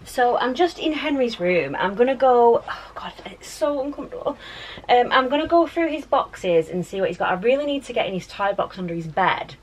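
A woman's voice: on the high side, lively intonation, fairly quick, few pauses, over music. A woman, chatting casually as she vlogs from her child's bedroom at home, rambling with lots of fillers. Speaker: vlogger and mum. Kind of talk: casual home vlog chat.

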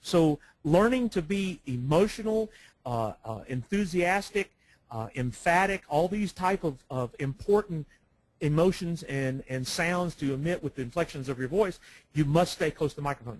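Brief: man, slightly higher voice, webinar co-host, halting with fillers, dry close-mic sound. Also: no room sound, low-quality recording. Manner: speaks with many "uh" fillers and restarts; former broadcaster explaining mic technique. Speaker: webinar co-presenter on audio. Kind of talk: instructional webinar talk. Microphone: professional microphone, close.

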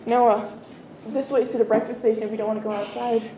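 A woman's voice: fairly high pitch, steady tone, fairly quick, warm tone, a little hiss or hum, low-quality recording. A young woman chatting and giggling while she films herself exploring a hotel. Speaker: vlogger. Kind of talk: casual handheld vlog chat. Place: indoors in a hotel, hallways and vending area. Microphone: handheld camera.

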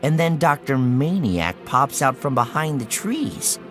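A man narrating a children's story in the first person, expressive and animated. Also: mid-range voice, a little slow, faint music behind. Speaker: audiobook narrator.

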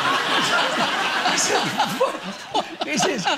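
A Scottish man in his sixties, a talk show guest telling comic stories in an animated way and acting out the voices. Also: very high voice, drawn-out words, pauses often, very noisy. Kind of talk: anecdotal storytelling on a chat show.

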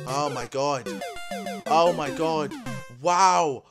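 A young man doing let's-play commentary, exasperated, swearing and shouting at the game. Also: very high-pitched, very animated, a little slow, music in the background. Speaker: gamer.

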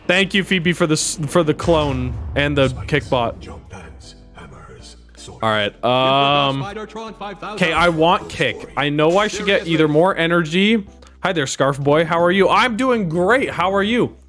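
A young man streaming a game live, commenting excitedly and yelping and shouting when things go wrong. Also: on the high side.

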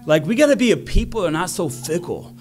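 A man's voice: sits high, animated, fast, soft background music. A man preaching a sermon, telling a story with energy and acting out the crowd's voices.

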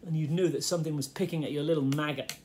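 A middle-aged vlogger from the Fens in England tells a rambling childhood story in his home kitchen, often interrupting himself, with faint radio music in the background. His voice sits on the high side and is a little mellow, with fairly even intonation and a racing pace. There's a slight hiss or hum on the recording.

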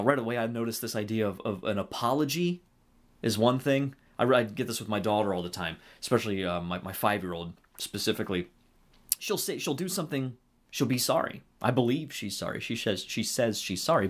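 Low-voiced man retelling a film. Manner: animated retelling with a halting, self-correcting flow. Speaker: film reviewer and faith commentator. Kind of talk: casual spoken film review.

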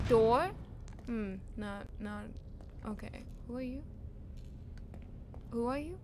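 Brief: woman streamer, high voice, swears a lot, panicky shouting, loud noisy background. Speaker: gaming streamer. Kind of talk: casual horror game commentary.

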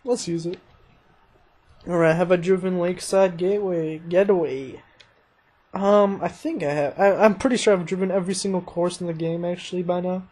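In poor audio, a young man with a high, slightly rough voice speaks at a moderate pace while commentating a racing game. His let's-play is casual and rambling, full of self-mockery and excited exclamations, set against the game's music and engine sounds.

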